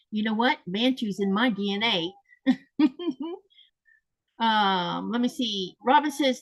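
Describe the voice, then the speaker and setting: Chatty higher-voiced woman host. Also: lively intonation, measured pace, rough recording. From Southern United States. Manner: chatty, reads viewer comments aloud and laughs often. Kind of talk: casual livestream chat.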